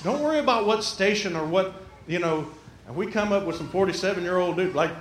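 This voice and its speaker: Folksy preacher in an echoey church. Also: male voice, high-pitched, very animated, fairly quick, a little hiss or hum. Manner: folksy, conversational preaching with asides. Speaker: pastor. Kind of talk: sermon. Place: church sanctuary. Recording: roomy church echo.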